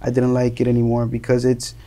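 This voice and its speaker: A man's voice: medium pitch, monotone, a little fast, dark tone. A young man from Colombia, a guest in an interview, earnestly telling his story and often repeating and restarting words as he searches for phrasing. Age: young adult.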